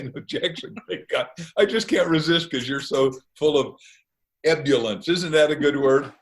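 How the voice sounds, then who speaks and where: A man's voice: medium pitch, moderate pace, low-quality recording. A man chatting as a guest author, telling stories in a jokey, rambling way. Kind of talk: casual interview chat.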